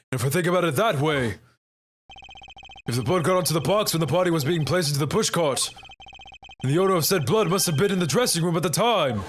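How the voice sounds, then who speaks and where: A man plays a cool, proud prosecutor who reasons aloud in a measured, deliberate way. His voice sits slightly high in this game fan dub. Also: close to an everyday voice.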